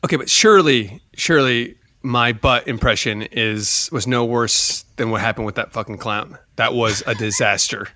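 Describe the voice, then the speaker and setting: An improv actor playing a weary children's party entertainer who coaxes the kids along. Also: male voice, mid-range voice, moderate pace, few pauses, sharp tone, dry recording, clean studio sound, natural voice. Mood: defensive. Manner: coaxing kid-party patter.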